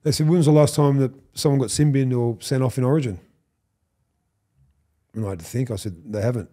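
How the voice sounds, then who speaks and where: With a medium-pitched voice and a brisk delivery, a former rugby league footballer from Australia, in his fifties, shares stories on a podcast. The chat is casual; he acts out quoted characters with animation, swearing and laughing as he goes.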